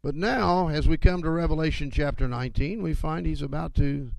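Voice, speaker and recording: A male preacher delivers an emphatic sermon in a slightly high voice with a gravelly edge. He keeps pausing to call for amens. The sound is dry and close. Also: no room sound.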